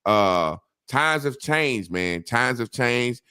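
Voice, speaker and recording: A man hosting a casual talk show, telling rambling profane stories with animated impressions. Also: mid-range voice, slow pace, clean tone, no echo, studio quality. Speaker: podcast host. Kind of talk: casual chat.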